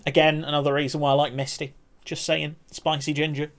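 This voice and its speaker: A man's voice: on the high side, level tone, fairly quick. Chatty man streaming live. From England. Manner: chatty, laughs often, reacts to chat. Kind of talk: casual live-stream chat.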